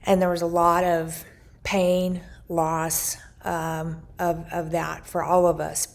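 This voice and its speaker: Slow, gravelly-voiced woman telling a story. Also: monotone. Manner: heartfelt, grows emotional and rising in pitch as she tells it. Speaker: vlogger sharing a faith journal. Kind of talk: personal testimony, storytelling.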